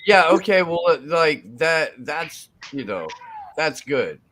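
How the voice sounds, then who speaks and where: Guy rambling on a call, lots of um and like, pitch bounces around. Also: big pitch swings, a bit bright. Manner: rambling, halting, lots of fillers. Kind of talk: casual online chat. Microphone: desktop computer mic.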